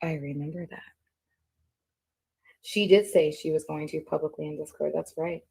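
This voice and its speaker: A woman reading old messages aloud on a casual stream, halting with many ums. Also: sits low, steady tone, gravelly, warm tone, slightly rough, dry recording, poor audio.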